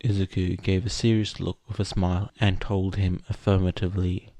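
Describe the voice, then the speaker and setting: A man reading fan fiction aloud as a podfic narrator, in a steady, measured way. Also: low voice, dry recording. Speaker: podfic reader. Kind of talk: scripted narration.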